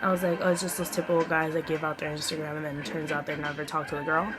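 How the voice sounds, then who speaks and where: A young woman telling a story-time vlog in a chatty, animated way, full of "like"s. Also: low-pitched, very fast. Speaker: vlogger. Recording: music playing behind the voice. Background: music.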